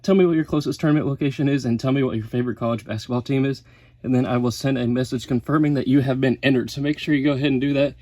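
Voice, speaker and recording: A man's voice: mid-range voice, fairly even intonation, racing, warm tone, no room sound. A man in a casual sports vlog, a little out of breath, rattling off lists and correcting himself mid-sentence. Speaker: sports YouTuber. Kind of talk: casual bracket breakdown vlog.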